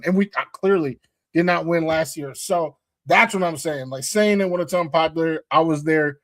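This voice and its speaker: A man's voice: fairly high pitch, moderate pace, fairly bright tone, dry recording. A man co-hosting a casual sports talk show, laid-back and slangy. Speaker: podcast co-host.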